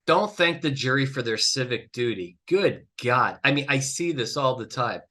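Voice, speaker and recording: A man's voice: mid-range voice, lively intonation, moderate pace, pushed and bright. A man hosting a podcast, giving blunt, emphatic advice with swearing and exasperated outbursts. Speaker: trial consultant podcast host. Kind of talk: animated solo podcast talk.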